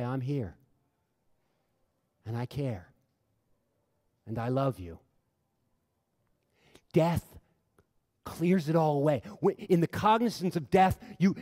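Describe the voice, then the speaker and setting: A man's voice: fairly high pitch, mellow. A middle-aged man giving an impassioned talk to an audience as a humanist chaplain, an earnest storyteller who repeats phrases for emphasis. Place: large hall before an audience. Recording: long hall reverb.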